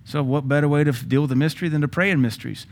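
Lively joking male pastor preaching. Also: a little high, racing. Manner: lively, joking, bursts into praying in tongues. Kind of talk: sermon teaching.

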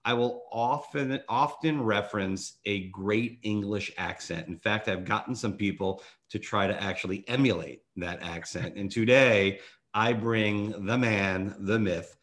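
A man's voice: lowish voice, a little slow, fairly bright tone. A man hosting a podcast interview, chatting casually and joking with many fillers and restarts. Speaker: podcast host.

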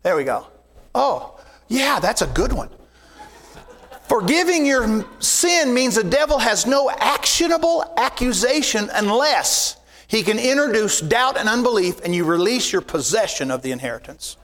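Pastor, male, high voice, emphatic repeating sermon delivery, in a reverberant church hall. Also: sing-song, normal speed, a bit bright. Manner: emphatic preaching with repeated phrases. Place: church sanctuary.

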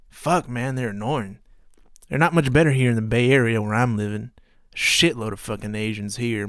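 A man putting on the voice of a loud, bigoted redneck man ranting on a podcast. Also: mid-range voice, no room sound, clean studio sound, exaggerated voice. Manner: loud, brash, mocking rant. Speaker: podcast host.

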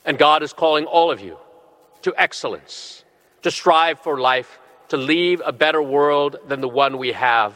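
A middle-aged bishop delivers a sermon in a bright, somewhat high voice. He speaks earnestly, leaning on slow, emphatic phrases. His words ring out with the long reverb of a large church hall.

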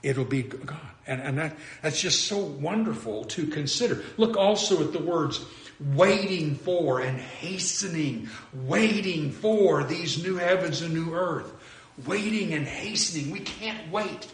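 A man's voice: a little high, lively intonation, a little slow, echoey room. A man preaching a sermon, earnest and emphatic, often repeating and restarting his phrases.

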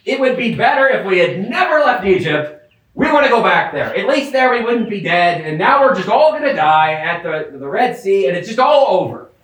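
A man's voice: high voice, big pitch swings, normal speed, fairly bright tone, pitched above the performer's own voice. A man voicing a crowd of fickle, complaining ancient Israelites in a sermon, melodramatic and wailing. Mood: despairing. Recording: echoey, distant outdoor sound.

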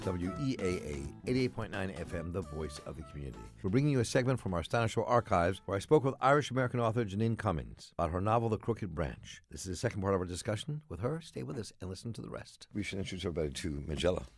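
A man hosting a community radio show, announcing in a smooth, upbeat manner from the studio. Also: deep voice, expressive, fast talker, hardly any pauses, no room sound. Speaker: radio host. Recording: radio studio with music bed.

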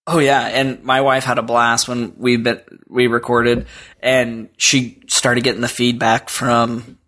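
A man's voice: medium pitch, level tone, a little slow, a bit bright. A man chatting casually as a podcast guest, rambling with lots of fillers and restarts. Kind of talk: casual chat.

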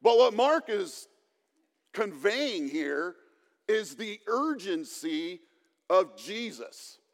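A man's voice: sits high, very animated, drawn-out words. A male pastor giving a conversational sermon with light humor, in a church hall.

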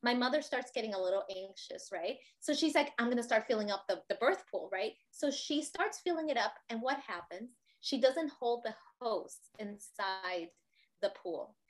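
A woman with a fairly high voice tells a personal story at a moderate pace, animated and expressive. She often closes sentences with "right?" and acts out the voices of the people in her tale.

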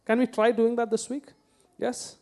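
A man's voice: very high-pitched, flat delivery, normal speed, darkish tone. A middle-aged man, preaching a sermon as pastor, chatting with the congregation through questions and personal stories. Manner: conversational, asks the congregation questions, tells personal anecdotes.

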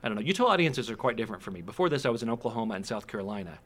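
A man's voice: fairly low pitch, sing-song, very fast, a bit bright. A man with a mild Southern accent, a comedian guest chatting on a podcast in a rambling, self-deprecating way. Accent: Southern US, kept in check. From American South. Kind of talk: casual podcast chat.

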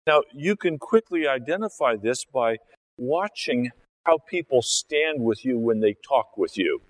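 Captured on a low-quality recording, a man with an expressive mid-range voice preaches a little slowly. His sermon is conversational, and he physically and vocally acts out the scenes he describes.

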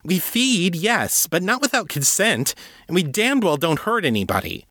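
A man's voice: sits high, big pitch swings, normal speed, sharp tone, no echo, clean studio sound, pitched above the performer's own voice, heavily acted. A man reading a story, voicing a fierce, defiant female succubus who hisses and rises sharply in anger. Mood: furious. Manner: hissing, heated, rising sharply. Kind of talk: audiobook reading.

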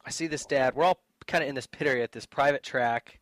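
A man's voice: medium pitch, fast talker, fairly bright tone, no room sound. A middle-aged man co-hosting a casual chat show, telling stories and laughing often. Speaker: podcast co-host.

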